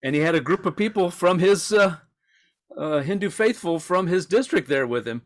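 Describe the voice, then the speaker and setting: A man's voice: sits high, animated, normal speed. A man co-hosting a podcast, telling rambling anecdotes with self-deprecating asides in a casual political chat. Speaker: podcast co-host.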